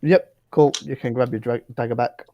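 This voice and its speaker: A man's voice: mid-range voice, steady tone, normal speed, a little mellow, no room sound. A man narrating as game master in a casual tabletop game, hesitant and loose.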